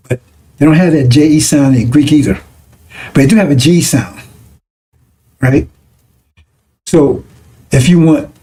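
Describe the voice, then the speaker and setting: Conversational preacher man, mellow voice. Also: medium pitch. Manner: conversational, repeats 'right?' and 'see?' to check listeners. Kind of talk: broadcast sermon teaching.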